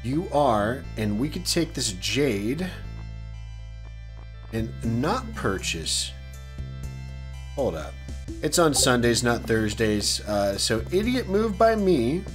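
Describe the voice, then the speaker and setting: A man's voice: medium pitch, big pitch swings, takes it slowly, long pauses. Chatty man narrating his gameplay. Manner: chatty, upbeat, self-deprecating. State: losing his voice. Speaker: let's play host. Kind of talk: casual gameplay commentary. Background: faint game music.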